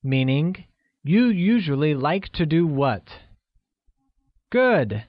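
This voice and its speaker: A man's voice: a little high, big pitch swings, dry recording, muffled recording. A man narrating a scripted language lesson, carefully enunciating and explaining each word. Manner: slow, carefully enunciated teaching delivery. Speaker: language teacher.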